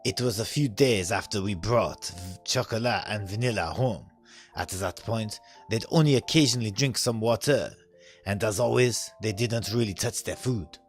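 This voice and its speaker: A man voicing a gentle, caring young master of cat girls in a fan dub of a visual novel, reading earnestly. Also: lowish voice, moderate pace, faint music behind, lightly acted.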